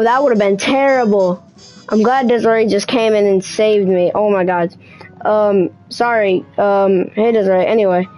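Chatty woman streamer, mellow voice. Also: mid-range voice, poor audio. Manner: chatty, scattered, with "anyway" asides. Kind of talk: casual gameplay commentary.

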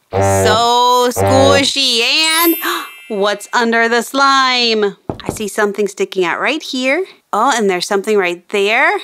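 A woman presenting a playful toy demonstration for children in an excited, sing-song way, with playful roars. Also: on the high side, no echo, clean studio sound. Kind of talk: playful toy demo for kids.

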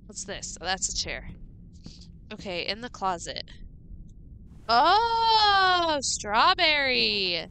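A woman's voice: lowish voice, expressive, normal speed, long pauses, fairly bright tone, slight background noise, poor audio. A woman streaming a horror game live, chatting playfully with her viewers and sounding jittery. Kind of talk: live gameplay commentary.

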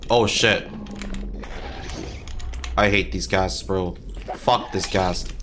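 A man's voice: sits low, steady tone, drawn-out words, background noise. A young man giving casual, frustrated gameplay commentary, swearing often and yelping when he gets hit. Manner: frustrated, swears a lot, yelps at hits. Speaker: gaming channel host.

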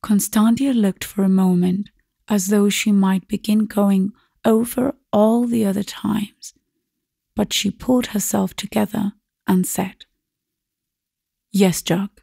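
A woman narrating a classic short story as an audiobook in a measured, even way. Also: medium pitch, creaky, husky, dry recording, studio quality.

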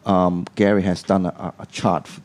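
A man's voice: low-pitched, flat delivery, moderate pace, darkish tone. A man co-hosting an English lesson, asking the teacher questions hesitantly with many fillers. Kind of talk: casual pronunciation lesson.

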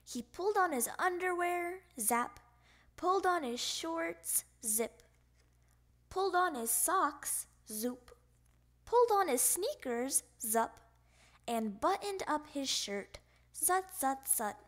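A woman's voice: very high-pitched, lively intonation, slow pace, a bit bright. A woman reading a picture book aloud for children, playfully speaking the sound effects. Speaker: storybook reader.

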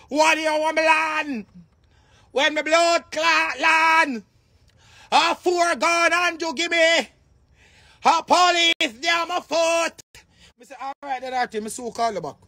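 A man from Jamaica with a Jamaican Patois accent, loudly ranting and cursing in a combative video monologue, often breaking into shouts. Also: very high-pitched, gravelly, dry recording. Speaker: online personality.

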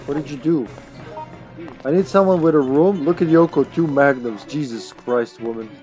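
A man's voice: on the high side, normal speed, darkish tone, faint music behind. A man streaming a video game, joking, swearing and talking to his teammates in casual commentary.

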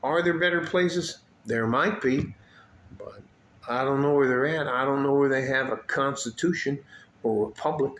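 Man, late fifties, mid-pitched, blunt and profane unscripted rant, echoey room, faint background hum. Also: normal speed, fairly bright tone. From United States. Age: 50s. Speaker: vlogger.

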